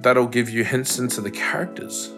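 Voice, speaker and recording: A man's voice: mid-range voice, normal speed, fairly bright tone, soft background music. A young Australian man co-hosting a podcast in casual chat, joking around and swearing freely into a home mic. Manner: playful, jokey, swearing freely. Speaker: podcast co-host. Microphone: home podcast mic over a call.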